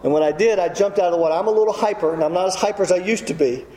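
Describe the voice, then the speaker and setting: A middle-aged man with a drawl rattles through a humorous testimony sermon at a rapid clip. His voice sits high but sounds mellow. The sound rings with a long hall echo. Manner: humorous storyteller, self-deprecating. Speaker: preacher. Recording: echoey hall.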